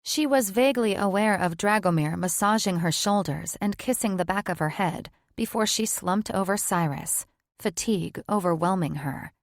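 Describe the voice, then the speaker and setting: A woman reading a fantasy romance audiobook in a steady, even narration. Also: mid-range voice, moderate pace, no echo, studio quality. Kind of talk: scripted narration.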